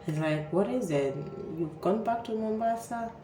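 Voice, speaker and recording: A young Kenyan woman telling a personal story in a casual, animated way, often repeating words and stammering as she goes. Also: fairly high pitch, normal speed, faint music behind. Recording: echoey room with faint ambience.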